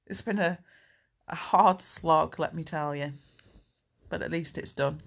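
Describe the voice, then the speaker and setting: A woman's voice: sits low, a little slow, vocal fry. A woman, a life coach answering viewer questions in a candid, chatty, reassuring live Q&A. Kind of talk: live Q&A chat.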